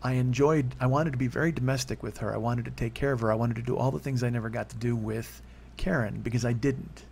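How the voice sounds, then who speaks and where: A man's voice: mid-range voice, fairly even intonation, fast talker, creaky, a little mellow, slight background noise. A man in his forties telling a personal story on his own, rambling and candid, his voice jumping up when he gets worked up. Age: 40s. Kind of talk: confessional solo monologue.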